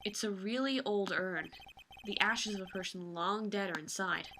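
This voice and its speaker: A woman's voice: medium pitch, moderate pace, bright, forceful tone, a little hiss or hum. A woman hosting a let's play, reading game text aloud with playful, sarcastic asides and casual swearing.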